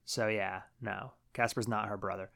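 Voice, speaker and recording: A man talking through a film recap in a relaxed podcast chat. He swears casually and often lets his sentences drop off softly. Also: on the low side, moderate pace, creaky. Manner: laid-back, swears casually, trails off quietly. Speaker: podcast co-host.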